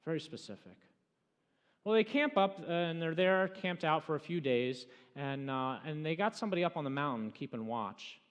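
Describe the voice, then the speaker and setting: A man preaching a sermon as pastor, retelling a story dramatically and swinging between loud, urgent passages and hushed ones. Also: on the high side, lively intonation, normal speed, smooth. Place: church sanctuary. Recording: church hall reverb.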